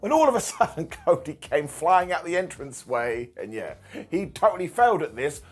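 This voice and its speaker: Lively husky man mocking wrestling. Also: fairly high pitch, normal speed. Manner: sarcastic, jokey, mocking voices. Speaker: wrestling show reviewer. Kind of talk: comedic recap.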